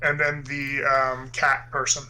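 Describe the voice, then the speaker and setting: A man's voice: mid-range voice, monotone, slow, pushed and bright, rough recording. A man playing a tabletop game, hesitant and full of ums. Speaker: player.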